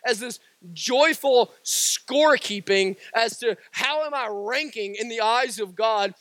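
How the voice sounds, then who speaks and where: A man's voice: extremely high pitch, a bit bright, no echo. A man preaching a sermon with passion, driving points home through repetition and casual asides.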